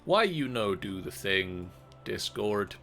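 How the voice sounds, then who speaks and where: A man running a live tabletop game as game master, relaxed and chatty. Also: lowish voice, slow, faint music behind.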